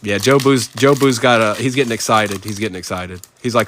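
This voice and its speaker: A man's voice: lowish voice, animated, normal speed, few pauses, a bit bright, a little hiss or hum. Man calling out cards on a live break. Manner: rattles off player names, chats to viewers. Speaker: card break host. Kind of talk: live card-break commentary.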